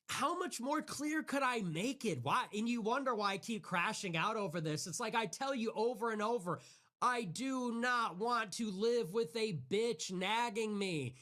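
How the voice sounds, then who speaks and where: A man's voice: high-pitched, animated, a little slow, fairly bright tone. A man ranting in a livestream monologue, exasperated and sarcastic, in a clip played on another stream. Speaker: political streamer.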